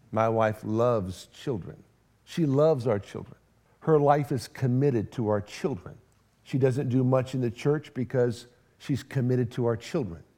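A middle-aged man preaching a sermon as pastor, telling a family story with humor and acting out both sides of the conversations. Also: mid-range voice. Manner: animated storytelling, acts out both sides of dialogue, self-deprecating humor.

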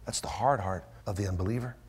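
Man, pastor, sermon, whispers then shouts, acts out quotes. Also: quick pace, husky. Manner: swings from hushed whispers to loud, high-pitched emphatic rises; acts out quoted voices with strong pitch jumps. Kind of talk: expository sermon.

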